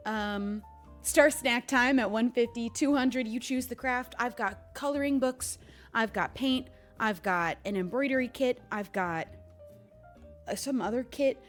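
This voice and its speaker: A woman's voice: on the high side, unhurried, soft background music. A young woman chatting casually on a livestream, bubbly and thanking viewers by name. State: hiccuping. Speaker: streamer.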